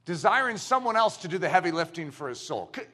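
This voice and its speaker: Preaching quickly, an American pastor's high, bright voice leaps all over in his church sermon. He throws himself into quoted voices with animation and drives his key points forcefully.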